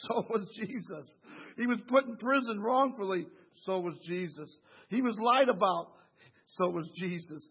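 A man's voice: high-pitched, a bit bright, husky. A man preaching a Bible study sermon who keeps asking the congregation "Amen?" and chuckles between phrases.

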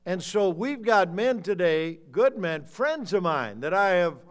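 Fiery older preacher, high voice. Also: male voice, very animated, a little slow. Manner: swings from low muttering to loud shouting. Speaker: pastor. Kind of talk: fiery sermon.

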